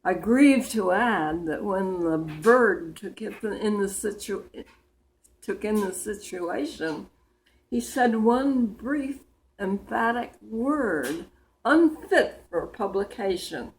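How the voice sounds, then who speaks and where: Centenarian woman, poetry recital from memory, unhurried, mid-pitched, occasional slips and restarts. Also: low-quality recording. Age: about 100. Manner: slow, deliberate recitation with small slips and restarts.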